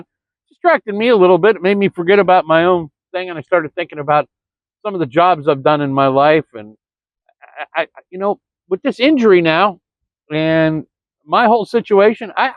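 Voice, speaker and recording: The speaker is a Florida vlogger with a high voice who rambles on, stumbles over words, and keeps saying "folks." He's filming early in the morning, indoors or near the camera, and the recording is dry and dull lo-fi with no room sound.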